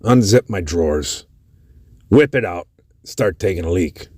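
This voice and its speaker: Profane, animated male storyteller. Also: sits low, measured pace, no echo, clean studio sound. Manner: profane, animated, lots of cursing. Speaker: podcast host. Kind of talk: casual storytelling.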